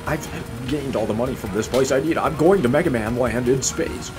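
A man's voice: mid-range voice, normal speed, music in the background. A man giving casual gameplay commentary, sarcastic and mock-polite, swearing often as he plays. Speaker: gaming YouTuber.

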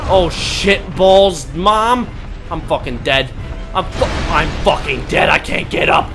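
A young man narrating his own gameplay in a high, wildly swinging voice, lurching between panicked yelps, swearing and cocky trash talk. Faint game music plays underneath. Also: animated, slow pace. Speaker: gaming commentator. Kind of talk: let's play commentary.

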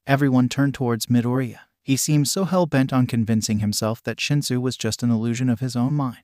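A man reading a fan-fiction story at a steady, even pace, his voice sitting at an ordinary middle pitch. The sound is dry and close, with no room around it. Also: brisk, few pauses, dry recording. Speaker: story narrator.

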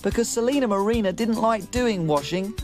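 A woman's voice: medium pitch, lively intonation, fairly quick, a little mellow, soft background music, natural voice. A woman playing a tiny cheerful female cook, telling a story in a sing-song, bouncy children's TV style. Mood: cheery storytelling.

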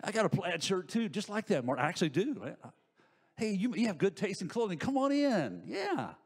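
A pastor voicing the devil as a laid-back, friendly dude who coaxes his way in with slang and flattery during a sermon. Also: high voice, a little fast, slightly rough, big-room sound, pitched above the performer's own voice, exaggerated voice. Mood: coaxing. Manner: slangy, coaxing, overly chummy. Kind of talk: sermon illustration.

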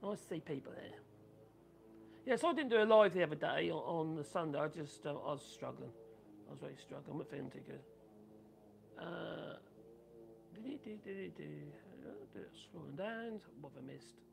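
A man with a Norfolk accent and a raspy, coarse voice, rambling casually on a live stream and reading out viewer comments. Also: a little high, sing-song, normal speed, pauses often, over music. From Norfolk, England. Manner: rambling and chatty, many ums and restarts. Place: home workshop.

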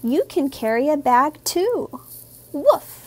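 A woman, a teacher, reading a children's picture book aloud in a gentle, expressive, sing-song way. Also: high-pitched, a little slow.

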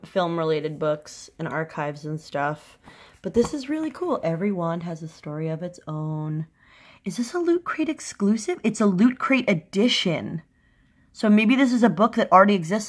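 A woman in a casual unboxing vlog, excitable and gushing, her voice swinging up into squealing highs. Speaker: vlogger unboxing a fan subscription crate.

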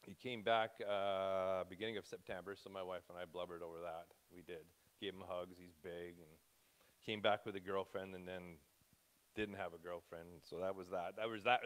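A man's voice: low voice, fairly bright tone, clean tone. A man in his fifties giving an informal church talk, rambling and self-interrupting, openly emotional as he speaks. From Canada. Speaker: preacher.

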